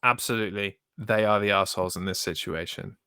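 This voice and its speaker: A man's voice: lowish voice, brisk, sharp tone, smooth, dry recording. A man co-hosting a podcast in casual chat, laid-back and wry, summing up the verdicts. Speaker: podcast co-host.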